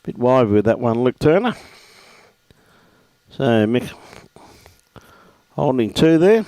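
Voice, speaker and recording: Australian man, bowls commentator, laid-back and chatty, medium pitch, dry close sound. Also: sing-song, slow pace, warm tone, no room sound. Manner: laid-back, chatty, greets viewers by name. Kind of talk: live sports commentary with viewer shout-outs.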